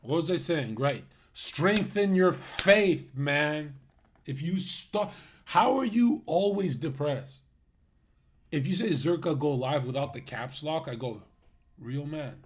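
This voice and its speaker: A young man ranting crudely on a livestream, mocking his viewers and swinging between loud outbursts and muttered asides. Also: fairly high pitch, expressive, a little slow, a little hiss or hum.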